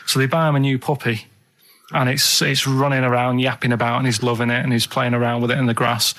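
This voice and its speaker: A man's voice: mid-range voice, level tone, quick pace, a bit bright. A man on a radio show, chatting casually and telling rambling, earnest stories.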